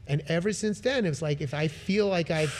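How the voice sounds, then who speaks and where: With a fairly high pitch and brisk delivery, a middle-aged man tells casual stories as a podcast guest. He's animated, slipping into the voices of the people in each tale.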